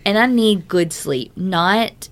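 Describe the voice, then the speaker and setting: A woman's voice: mid-range voice, expressive, slow pace. A woman co-hosting a casual podcast, talking emphatically with lots of "like" and heavy swearing. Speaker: podcast co-host. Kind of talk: casual chat.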